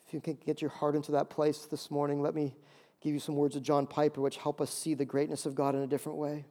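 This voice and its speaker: Animated high-voiced male pastor preaching. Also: fast talker. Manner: animated, acts out voices and jokes. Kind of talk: sermon.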